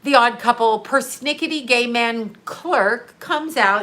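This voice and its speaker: A middle-aged woman telling a story in a casual livestream, animated and profane, laughing often. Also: on the high side, a little slow, a little hiss or hum. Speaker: live streamer.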